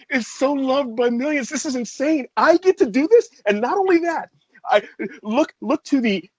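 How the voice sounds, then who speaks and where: A middle-aged man from the American Midwest, a composer and voice artist telling a story as an interview guest, excitable and laughing often. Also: slightly rough, no room sound. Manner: excitable, laughs often, jumps to high pitch when excited. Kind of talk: animated storytelling in conversation.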